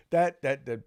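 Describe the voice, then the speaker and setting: A man hosting a casual political talk podcast and reading sponsor spots. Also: a little mellow. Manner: conversational, reads ad copy. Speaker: podcast host.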